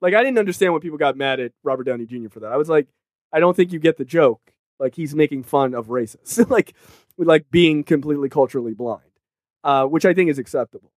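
A man's voice: on the high side, expressive, quick pace, a little mellow, no room sound, clean studio sound. A man co-hosting a casual film podcast, talking animatedly and profanely, with mocking put-on voices. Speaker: podcast co-host.

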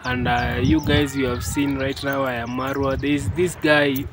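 A man's voice: medium pitch, little pitch movement, normal speed. A Kenyan man narrating a casual village vlog outdoors, hesitant with many fillers and frequent "yes, guys". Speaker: vlogger. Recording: clear outdoor background noise.

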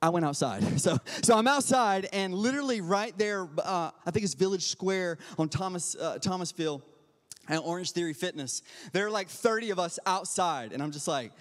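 A young man, a youth pastor, preaching an energetic, story-driven sermon to a church congregation and calling for responses. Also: sits high, a little fast. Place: church sanctuary. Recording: long hall reverb.

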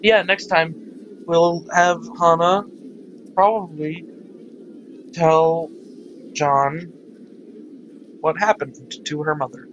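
A man hosting a let's-play, reading a visual novel aloud with animated, reactive commentary. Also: a little high, slow, pauses often, muffled recording, slight background noise. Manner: animated, laughs and reacts loudly.

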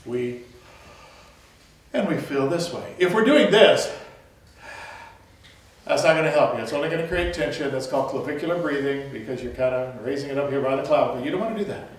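A man's voice: mid-range voice, fast. A man leading a choral workshop, explaining breathing and vocal technique with frequent restarts and light self-deprecating humor. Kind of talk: hands-on vocal technique lecture. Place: large echoey room, recorded from far off. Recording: very echoey room audio from a distant mic.

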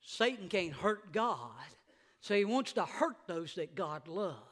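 A middle-aged man preaching a sermon as pastor in a church, emphatic, slowing down to stress words and rising to shouts. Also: high-pitched, animated. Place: church sanctuary.

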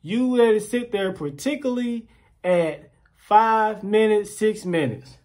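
Talking to the camera in a casual rant, this man animates his stories by performing other people's voices and repeating himself. His voice is high-pitched and his pace measured.

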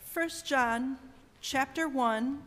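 Lady leading church prayer, slightly high voice, solemn and slow, big sanctuary. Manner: measured, solemn reading. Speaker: pastor. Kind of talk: leading worship liturgy. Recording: long church reverb with congregation.

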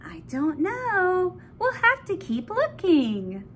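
Slow, sing-song woman reading to a baby. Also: extremely high pitch, huge pitch swings, fairly bright tone, slight background noise. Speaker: children's story time host. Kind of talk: reading a picture book to a baby.

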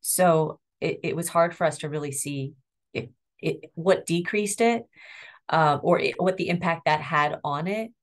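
A woman's voice: deep voice, a little slow. A middle-aged woman educator speaking earnestly and with empathy in an interview about guiding children. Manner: earnest, empathetic, demonstrates tones of voice. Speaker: school educator and guest. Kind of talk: interview conversation.

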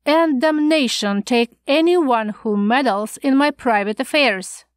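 A woman's voice: high-pitched, measured pace, dry recording, clean studio sound. A woman reading the lines of a sulky, curt young male teacher who speaks coldly. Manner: cold and curt.

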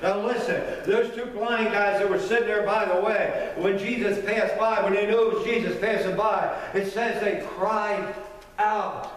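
Male preacher, fervent, repetitive sermon delivery; high-pitched, recorded from afar in a big echoey hall. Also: steady tone, unhurried. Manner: fervent, repetitive, builds with rhetorical questions. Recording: echoey hall, mic from far off.

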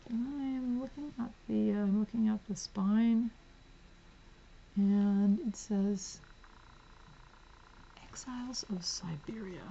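Woman host, casual haul vlog, gravelly edge, giggly asides, slightly muffled home recording. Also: medium pitch, takes it slowly, long pauses. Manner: chatty, giggly, drifts into soft whispers while reading spines. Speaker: book vlogger.

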